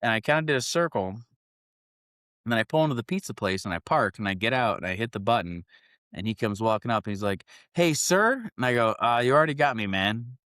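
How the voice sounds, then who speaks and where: A man's voice: lowish voice, quick pace, clear, resonant tone, dry recording, studio quality. A young man from the Chicago area of Northwest Indiana, telling a rambling, profane story on a casual podcast and acting out the people in it. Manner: profane, rambling, animated when acting out quotes. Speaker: podcast co-host.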